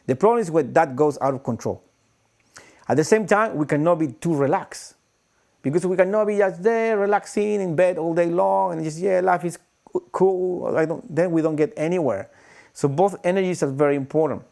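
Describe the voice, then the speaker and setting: Male breathwork teacher, live stream, animated, slightly higher voice, demonstrates breathing with sighs. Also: fairly quick, gravelly.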